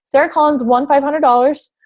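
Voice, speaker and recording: Young woman, fitness coach, talking through slides, bubbly and gushing, slightly high voice. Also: fairly even intonation, fairly quick. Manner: bubbly and gushing, lots of "like" and "oh my gosh". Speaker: fitness coach presenting to prospective recruits. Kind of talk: enthusiastic presentation over slides.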